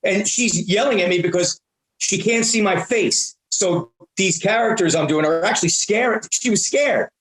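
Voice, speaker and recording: A man's voice: sits high, fairly bright tone. A man in his fifties, a comedian guest in a casual interview, talking bluntly with lots of restarts and the odd curse. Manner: halting, many restarts, blunt and profane. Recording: roomy echo.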